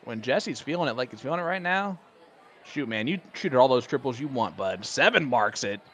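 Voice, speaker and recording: A man's voice: mid-range voice, expressive, brisk, a bit bright. A man doing live darts commentary, chatty and enthusiastic, joking with his co-hosts.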